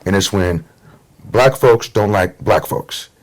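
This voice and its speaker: Middle-aged dude from portland telling stories, lowish voice, easygoing. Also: male voice, slow pace. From Portland, Oregon. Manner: easygoing storyteller, acts out quotes. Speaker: guest. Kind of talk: casual conversation.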